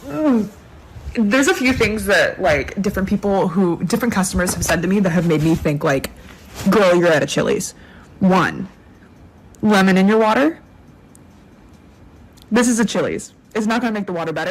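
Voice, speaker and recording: A restaurant server in a casual rant, listing customer complaints sarcastically and deadpan. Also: mid-range voice, low-quality recording. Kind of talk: casual ranting vlog.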